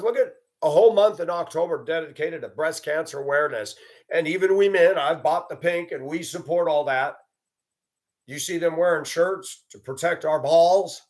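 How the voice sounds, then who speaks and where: A man whose voice is on the high side and a little mellow hosts his own video. He delivers a ranting monologue that is blunt, profane and combative, loudly mocking other people.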